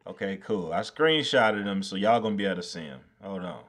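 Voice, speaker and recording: A man's voice: low-pitched, animated, brisk, a bit bright. A man live-streaming his design work, talking to himself as he goes, swearing freely and laughing when things go wrong. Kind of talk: casual live-stream commentary.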